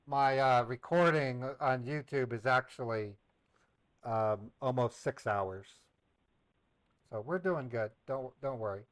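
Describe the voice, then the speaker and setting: Casual, chatty and playful, a scambaiting livestream host talks with his viewers while acting eagerly excited for a scammer on the phone. His mid-range voice is smooth, with no echo, though the recording is rough.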